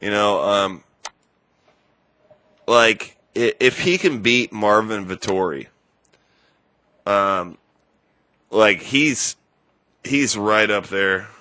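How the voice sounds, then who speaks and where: A man with a lowish voice and a bright, forceful tone hosts a casual podcast. He rambles, swears often and loses his thread now and then. The sound is dry and close. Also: extremely slow, pauses often, no echo. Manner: rambling, profane, loses his train of thought. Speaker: podcast host. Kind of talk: casual chat.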